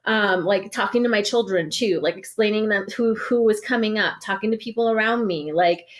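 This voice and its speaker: A Navajo Nation organizer appearing as a podcast guest recounts an experience in animated, casual storytelling full of "like"s and restarts. She has a mid-range voice and speaks at a moderate pace.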